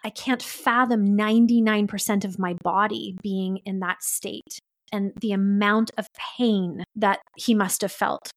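A woman's voice: medium pitch, steady tone, a little slow. A woman hosting a podcast, telling a story in an earnest, heartfelt way. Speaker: podcast host. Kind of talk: solo podcast monologue.

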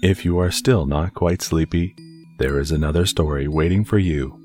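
A man narrating a bedtime fairy tale in an expressive, soothing read-aloud manner. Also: very deep voice, normal speed, soft background music. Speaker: storyteller.

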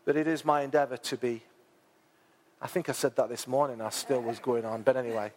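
A man preaching a sermon, chatty and informal, who rises to loud, dramatic peaks when he reads scripture aloud. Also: mid-range voice, fairly even intonation, brisk, a little hiss or hum. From England. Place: church hall. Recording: long church hall reverb.

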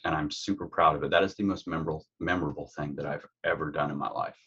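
Deep husky man, earnest. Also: steady tone, quick pace, fairly bright tone, highs cut off. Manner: earnest, heartfelt. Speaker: guest, true crime YouTuber. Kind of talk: conversational interview.

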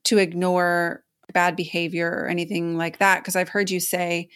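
A woman's voice: fairly low pitch, flat delivery, moderate pace, fairly bright tone, smooth. Encouraging woman podcast host. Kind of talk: interview and podcast outro.

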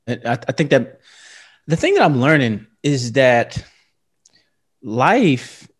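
A man hosting an interview, asking supportive, halting questions of his guest. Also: medium pitch, big pitch swings, breathy edge. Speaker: podcast host. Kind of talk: conversational interview.

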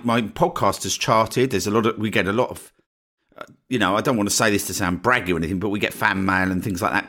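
A podcast host with an Essex accent talks to his listeners in a loose, chatty solo style. His voice sits a little low, and he keeps tagging his points with a quick "right?". The delivery is relaxed and unscripted, like he is talking things through off the cuff. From northeast Essex, England. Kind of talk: casual solo podcast talk.

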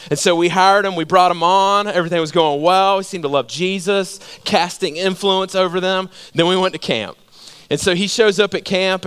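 With a notably high-pitched, smooth voice, a male pastor delivers a sermon full of animated storytelling. He keeps pulling his listeners in with rhetorical questions.

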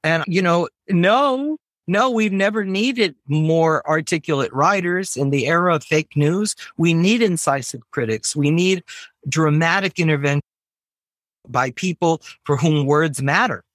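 An American man, a professor, talking in a casual interview with animated, emphatic, digressive speech. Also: a little high, a little slow, no echo, studio quality. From United States. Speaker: professor, podcast guest.

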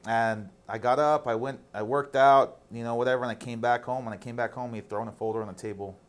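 A man's voice: mid-range voice, fairly even intonation, fast talker. A man in his thirties, a guest on a casual interview, telling stories candidly and animatedly, with some casual swearing.

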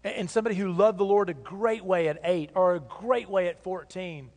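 Male pastor, high voice, earnest conversational sermon, long hall reverb. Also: fairly quick, a little mellow. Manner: earnest, conversational preaching with emphatic repetitions. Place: church sanctuary.

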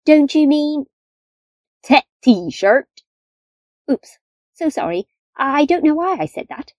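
A woman's voice: sits high, sing-song, takes it slowly, a little mellow, no room sound, clean studio sound, heavily acted. A woman in an amateur radio comedy sketch, playing a naive young companion who asks wide-eyed questions. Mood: wondering.

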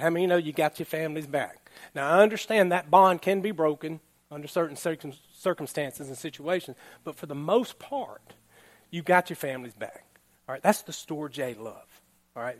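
A man pastor giving a relaxed, conversational sermon, laughing now and then and often checking in with the congregation. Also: fairly high pitch. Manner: chatty, laughing, keeps asking "all right?".

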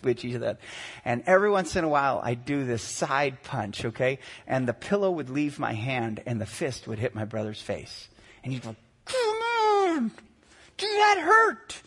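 A man in his forties, a pastor preaching a sermon, animated and acting out quotes in shifting voices. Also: mid-range voice, breathy edge. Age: 40s.

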